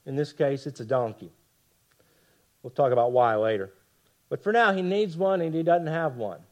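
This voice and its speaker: A man preaching a sermon with passion, dropping to hushed lines for emphasis and tossing rhetorical asides to the congregation. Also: high voice. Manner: impassioned, swings from loud emphasis to hushed lines. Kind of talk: expository sermon.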